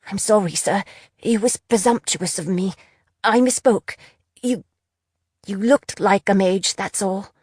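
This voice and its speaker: A woman's voice: medium pitch, a little slow, pauses often, darkish tone, slightly rough, dry recording, studio quality. Give me a woman playing a nervous young man who keeps apologizing, in a storybook reading. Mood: nervous pleading. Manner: pleading and apologetic. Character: nervous young male mine worker, fortune teller.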